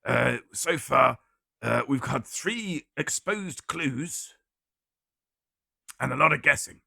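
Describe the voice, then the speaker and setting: A man hosts a live-streamed guessing game and reads out chat guesses with a wry, deadpan humor. His voice is gravelly with a husky edge and a bright, piercing tone. The sound is dry and close, with no room around it. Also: mid-range voice, slow pace, no echo.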